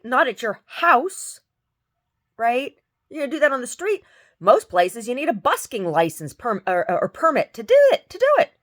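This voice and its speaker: A woman who sings tells a story in a casual, exasperated rant, often mimicking other people. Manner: animated, exasperated, mimics others in high voices. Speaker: singer.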